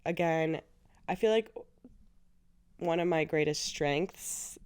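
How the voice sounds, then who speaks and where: A young woman in her twenties talks through a casual solo podcast episode. Her voice sits a little low for a woman, and she is chatty and effusive, breaking into laughs as she goes. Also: takes it slowly, darkish tone, clear, resonant tone. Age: 20s. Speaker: podcast host.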